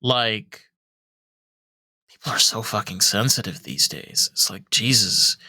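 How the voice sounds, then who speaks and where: A young man hosting a podcast, telling animated, profanity-laced stories in casual chat full of fillers. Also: fairly low pitch, slow pace, no echo, clean studio sound. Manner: animated storyteller, swears freely, many fillers. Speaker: podcast host.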